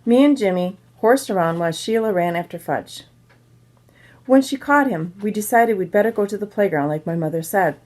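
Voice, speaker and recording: A woman's voice: medium pitch, moderate pace, darkish tone. A woman reading a children's novel aloud, telling it in plain first-person storytelling. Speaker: reader.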